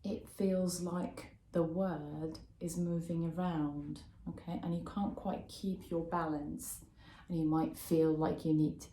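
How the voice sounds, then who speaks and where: A woman's voice: low voice, flat delivery, takes it slowly, warm tone, slight background noise. A young woman teaching a vocabulary lesson, explaining patiently and checking in with "okay?". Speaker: English teacher. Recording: roomy echo.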